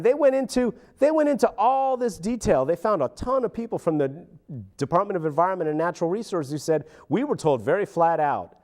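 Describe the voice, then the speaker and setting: Man, local show host, high voice, very lively pitch, sarcastic ranting commentary. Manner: animated, sarcastic, mocking voices.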